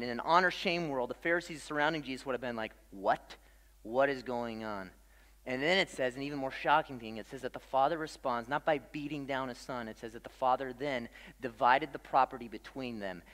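A pastor preaching a sermon in a loose, conversational way, with casual fillers and dramatic pauses. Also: male voice, mid-range voice, fairly bright tone, big-room sound.

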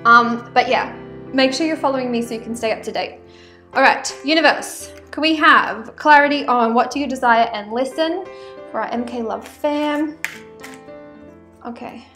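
Woman, Australian accent, high voice, chatty oracle card vlog, roomy room sound with faint music underneath. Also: normal speed, bright, forceful tone. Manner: chatty and rambling, many "um" and "like" asides. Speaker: spiritual vlogger reading oracle cards.

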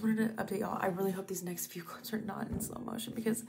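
Talking fast with a creaky, medium-pitched voice and fairly even intonation, a young woman chats to the camera on a phone at arm's length. Her casual vlog is full of slang like "bro" and "like," filmed out and about in stores and at her apartment.

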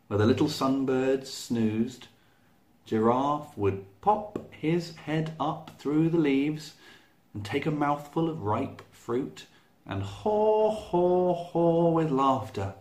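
A man reading a children's picture book aloud as a storyteller, slow and expressive. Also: medium pitch. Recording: echoey room.

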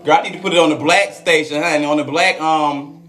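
A woman's voice: deep voice, fairly even intonation, fairly quick, a bit bright. A transgender woman chatting frankly and profanely with viewers on a live stream. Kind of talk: casual live-stream chat. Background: faint classical Christmas music.

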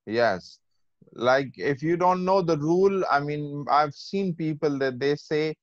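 A man giving an online grammar lecture, slowly going over examples and checking often that students follow. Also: a little high, no room sound. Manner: slow, repetitive, checks understanding often. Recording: dull, lo-fi online call.

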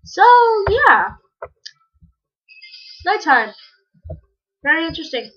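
A woman giving casual, rambling commentary while playing a game, breaking into sudden excited yelps. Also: high-pitched, slow pace. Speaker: gamer. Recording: dull lo-fi recording.

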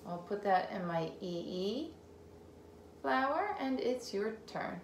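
A woman teacher leading a phonics game for young children, sounding out words slowly, repeating them and praising the child between turns. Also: mid-range voice, animated, creaky, darkish tone, roomy sound, slight background noise. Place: home room.

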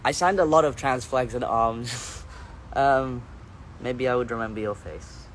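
A man's voice: mid-range voice, a little slow, slight background noise. Rambling man chatting on a livestream. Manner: rambling, self-correcting, playful. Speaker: musician hosting a livestream. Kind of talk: casual livestream chat, reading out viewer comments.

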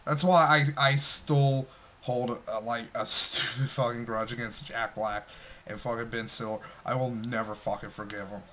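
A man's voice: mid-range voice, steady tone, normal speed, pushed and bright, slight background noise. A man in his twenties reviewing a movie in an agitated, heavily profane rant, full of stumbling restarts. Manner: smoking while talking.

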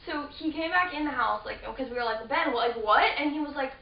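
Speaking briskly in a high-pitched voice with vocal fry, a teenage vlogger rambles through a story to camera, casually restarting and using lots of fillers. The lo-fi audio is dull, distant and roomy, with faint hiss.

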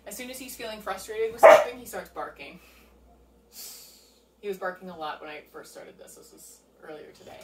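A woman's voice: mid-range voice, brisk, slight background noise. Woman dog trainer explaining, distant and roomy. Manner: relaxed, explains step by step while working. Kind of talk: casual hands-on training demonstration. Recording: roomy, distant sound with faint ambience.

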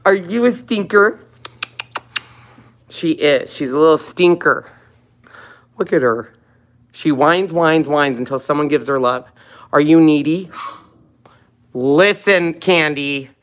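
Slow-talking woman cooing at puppies. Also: deep voice. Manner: cooing baby talk to puppies. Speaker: vlogger with puppies. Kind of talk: casual chat.

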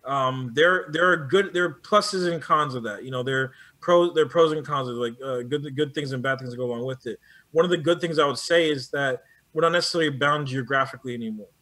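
A man talking in a casual conversation as an animation producer, animated and often restarting his sentences. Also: mid-range voice, quick pace. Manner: animated, many restarts and repeated words.

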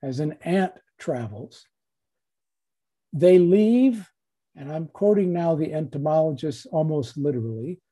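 A man gives a reflective dharma talk at a very slow, deliberate pace. His voice is deeply mellow and dark, with a husky edge. He repeats phrases and lets long pauses settle between them. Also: expressive. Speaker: guest speaker giving a dharma talk.

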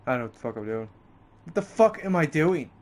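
A man with a fairly high voice giving running commentary over a video game. He grumbles and curses constantly and his pitch leaps up whenever he gets fed up. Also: sing-song, quick pace. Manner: frustrated, heavy swearing, pitch jumps up in outbursts. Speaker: gamer playing a video game. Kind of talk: let's play commentary.

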